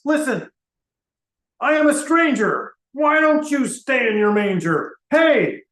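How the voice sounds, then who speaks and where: A man playing a grumpy old bearded man who is tired of being mistaken for Santa, ranting and shouting in a singsong. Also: extremely high pitch, reverberant, heavily acted, low-quality recording. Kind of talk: comedic character monologue.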